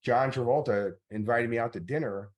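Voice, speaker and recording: A man's voice: medium pitch, moderate pace, muffled recording. A middle-aged man, a motivational coach, tells stories in a master class talk, with many fillers along the way. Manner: anecdotal storytelling with many fillers.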